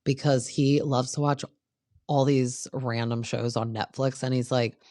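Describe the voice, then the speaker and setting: A woman's voice: a bass voice, fairly even intonation, unhurried, warm tone, no room sound. Woman, podcast host, casual chatty recap, filler-heavy, dry room. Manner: chatty, peppered with "like".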